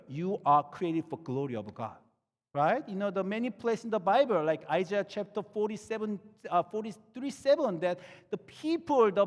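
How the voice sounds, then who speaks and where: A man's voice: sits high, very animated, normal speed, big-room sound. A middle-aged man, a pastor, preaching conversationally and asking the listeners many questions. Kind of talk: sermon.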